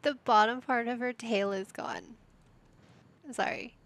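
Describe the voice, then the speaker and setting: A woman's voice: a little high, steady tone, a little slow, fairly bright tone. A woman giving casual gameplay commentary, chatty and sassy as she bosses her game characters around.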